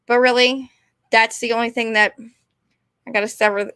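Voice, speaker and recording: A woman, rambling and animated as she chats casually to her stream viewers. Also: on the high side, moderate pace, long pauses, clear, resonant tone, no room sound, studio quality. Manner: rambling, animated, talks to chat. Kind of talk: casual ranting chat to viewers.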